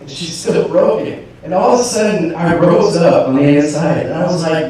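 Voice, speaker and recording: A man preaching a personal testimony, playing out both sides of an inner argument. His voice drops to a murmur and then climbs to a shout. It is heard from far off in a very echoey church hall, with a faint hum underneath. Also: high-pitched, animated, normal speed, hardly any pauses. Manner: storytelling, acts out inner dialogue, swings from hushed to shouting. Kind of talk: sermon testimony.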